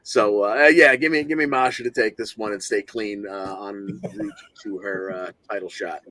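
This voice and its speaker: A man co-hosting a podcast over a video call, recapping matches in a relaxed, rambling play-by-play with plenty of fillers. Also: fairly low pitch, normal speed. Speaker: podcast co-host.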